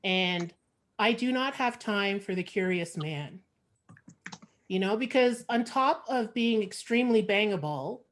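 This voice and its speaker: Performing stand-up over a video call, this Montreal comedian with a Canadian accent is frank, sardonic and chatty, using many fillers. Her mid-range voice is expressive and unhurried, with a little hiss or hum in the audio.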